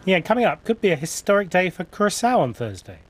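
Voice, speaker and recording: A man with a somewhat high voice presents radio news, brisk and friendly. He moves the show along with quick handovers. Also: big pitch swings, breathy edge.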